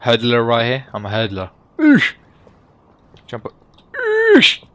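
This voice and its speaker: A man's voice: mid-range voice, steady tone, quick pace, fairly bright tone, clear, resonant tone, dry recording. A young man giving casual, joking gameplay commentary as he plays, swearing and laughing at himself. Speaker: gaming YouTuber.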